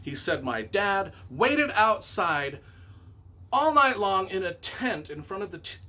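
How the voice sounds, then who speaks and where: A man's voice: high voice, very animated, slow pace, sharp tone. A middle-aged man, a novelist and movie reviewer, rambling enthusiastically and correcting himself as he counts down his favorite films on camera.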